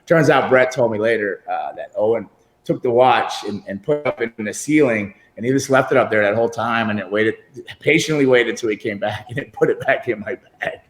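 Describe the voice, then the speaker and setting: A man's voice: medium pitch, animated, fairly quick. Middle-aged man rambling anecdotes in a roomy echo. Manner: rambling, laughs while telling stories. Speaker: guest wrestler. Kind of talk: casual interview storytelling. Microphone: computer video call.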